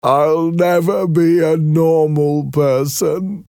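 A man doing a timid, halting young man. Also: a little high, steady tone, vocal fry, a little mellow, smooth, no room sound, clean studio sound, faint music behind, pitched above the performer's own voice. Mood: earnest. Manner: slow, halting and earnest. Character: timid, disfigured young man, gentle and anxious.

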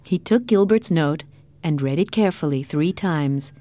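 Measured woman narrating a storybook. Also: low-pitched, animated, dark tone, no echo.

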